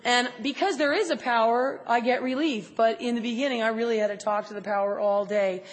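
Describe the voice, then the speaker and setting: A woman's voice: a little high, fairly even intonation, brisk, in a large hall, low-quality recording. A woman giving a candid, emphatic and self-mocking personal talk at a recovery meeting. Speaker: speaker sharing at a recovery meeting.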